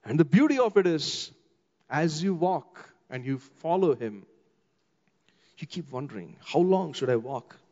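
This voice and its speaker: A middle-aged man with an Indian English accent, preaching a sermon as a pastor and slowing down for emphasis. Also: fairly high pitch. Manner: expressive, slows down for emphasis, acts out quoted voices. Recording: long hall reverb, dull muffled sound.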